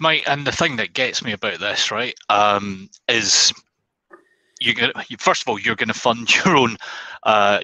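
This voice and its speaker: A British man hosting a webinar, rambling and informal with frequent ums. His voice is bright and forward, recorded dry and close. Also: fairly low pitch, no room sound, rough recording. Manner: rambling, many ums and restarts. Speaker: webinar host. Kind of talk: casual online presentation.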